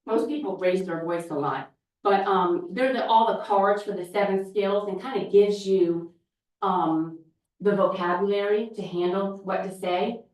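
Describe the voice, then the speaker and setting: A woman teacher giving an informal talk to a group, telling lively stories and acting out classroom exchanges. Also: medium pitch, a little slow, distant mic. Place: large echoey church hall. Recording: very echoey hall, voice picked up from afar.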